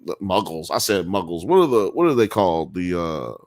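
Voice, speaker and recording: A man's voice: sits low, sing-song, brisk, a little mellow, no echo, clean studio sound. A man hosting a live podcast, reading chat comments aloud in a rambling, profane way and laughing often. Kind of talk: casual live-stream chat.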